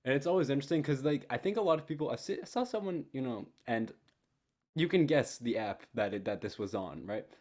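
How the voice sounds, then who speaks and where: A young man co-hosting a casual podcast, rambling and laughing often as he retells conversations with animated quoted voices. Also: mid-range voice, brisk. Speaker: podcast co-host. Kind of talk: casual chat.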